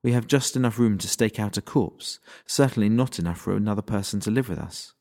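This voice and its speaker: A man's voice: fairly low pitch, a little fast, warm tone, lightly acted. A man voicing a grim young woman fighter who speaks bluntly and formally. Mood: stern. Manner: formal and blunt, without contractions.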